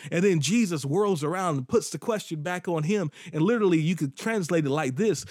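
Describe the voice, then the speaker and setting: An earnest male preacher delivering a sermon, his voice sitting a little high for a man. He doubles back on words and restarts phrases as he drives his points home. The recording is dry and close, with little room sound. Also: fairly quick, hardly any pauses, a little mellow, no room sound.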